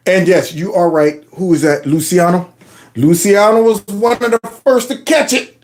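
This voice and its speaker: A man hosting a political commentary show, talking over clips in an animated, mocking way and repeating phrases in a singsong. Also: sits high, moderate pace. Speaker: commentary channel host.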